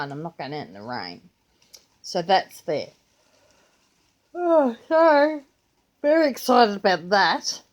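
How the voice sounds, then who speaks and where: Slow-talking older Australian woman. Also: lowish voice. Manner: chatty, rambling, yawning. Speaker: vlogger. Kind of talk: casual chat.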